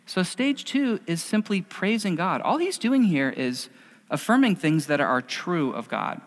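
This middle-aged male pastor's voice is high-pitched, very animated and a little slow as he delivers a storytelling-style sermon, acting out the quotes. The hall adds a long reverb.

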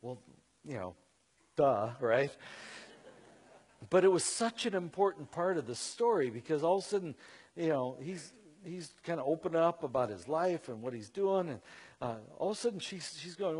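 A man telling a story to an audience in an animated, conversational way, with many fillers and asides. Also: fairly high pitch, normal speed, breathy edge. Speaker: Christian speaker. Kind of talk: storytelling talk.

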